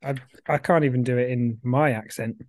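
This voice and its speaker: A man's voice: medium pitch, steady tone, moderate pace, a little mellow, no room sound. A man co-hosting a casual podcast chat, giggly and self-mocking. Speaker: podcast co-host.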